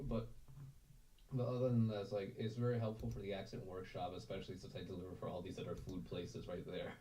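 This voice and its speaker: Low, mellow-voiced man rambling on a call. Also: level tone, quick pace, far from the mic, a little hiss or hum, low-quality recording. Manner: rambling, repeats "right there". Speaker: voice-acting community member. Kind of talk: casual video-call chat. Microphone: video call.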